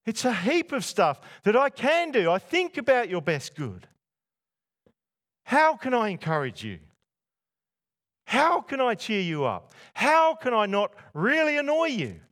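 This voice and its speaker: This man's voice is on the high side with a fairly bright tone. He's preaching in a church to a masked congregation, directing rhetorical questions at them.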